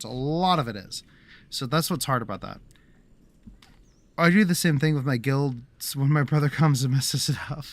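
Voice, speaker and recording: A man's voice: on the high side, fairly bright tone, no room sound. A man livestreaming a game and chatting to his viewers in a rambling, casual way, restarting his sentences often. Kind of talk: casual gameplay commentary.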